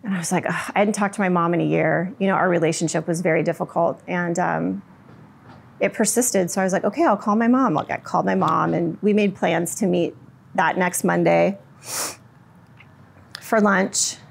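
A middle-aged woman telling her personal story in an interview, soft-spoken and reflective, with frequent fillers. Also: on the low side, steady tone, moderate pace, gravelly, husky.

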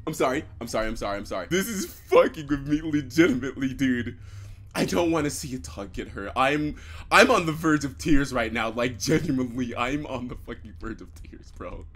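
A man's voice: mid-range voice, animated, fairly quick, a bit bright. A young man commentating a horror game he plays, swearing often, jumpy and screaming at scares. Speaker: gaming YouTuber.

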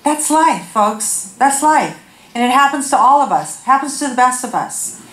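A woman's voice: sits high, animated, moderate pace. A woman in her fifties giving a candid, humorous sermon on a corded mic in a church, telling self-deprecating stories. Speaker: guest speaker. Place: church sanctuary. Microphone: handheld corded mic. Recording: echoey church hall.

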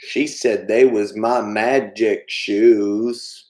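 A man doing an impression of a slow, earnest, simple-hearted man. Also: fairly low pitch, fairly even intonation, a little mellow. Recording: echoey room.

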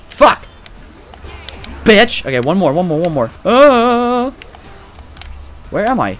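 Excitable young man swearing through gameplay. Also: high voice, takes it slowly, pauses often, noisy background. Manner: excitable, swearing and trash-talking the game. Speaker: gaming commentator. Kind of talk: casual let's-play commentary.

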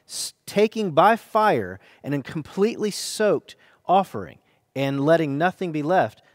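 A man preaching a sermon as pastor, reading scripture dramatically with earnest, hushed and emphatic turns. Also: a little high, no room sound, clean studio sound.

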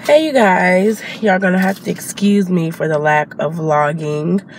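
A woman's voice: lowish voice, unhurried, slight background noise. A young woman, a new mother, chatting casually to her vlog camera while she has a cold. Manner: chatty, addresses viewers as y'all.

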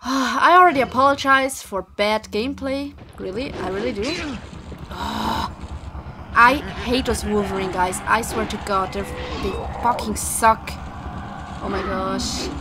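A woman's voice: fairly high pitch, very animated, measured pace, background noise. A young woman commentating her video game play casually, frustrated and swearing often at the game. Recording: game music behind the voice.

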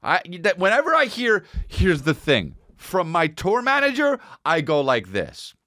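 A man hosting a podcast, telling a comic story in a loud, profane way and acting out each person's lines. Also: measured pace, no room sound, clean studio sound. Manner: animated and profane, acting out dialogue with big pitch jumps. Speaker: podcast host. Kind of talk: comedic storytelling monologue.

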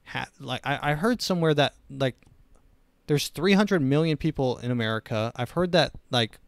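A man's voice: medium pitch, moderate pace, creaky, clear, resonant tone, no room sound. A young man hosting a comedy podcast, rambling through opinionated, sarcastic riffs in a casual monologue. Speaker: podcast host.

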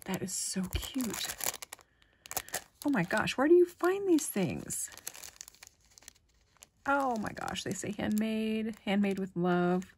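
A woman in casual unboxing chat, gushing over each little item with delight, sometimes slipping into a soft whisper. Her voice sits at an ordinary middle pitch. Faint noise sits under the recording, with paper crinkling behind her. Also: big pitch swings, takes it slowly, pauses often. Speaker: crafting vlogger.

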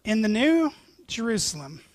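A man preaching a sermon as pastor, animated and joking, telling stories. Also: high voice, normal speed, no echo.

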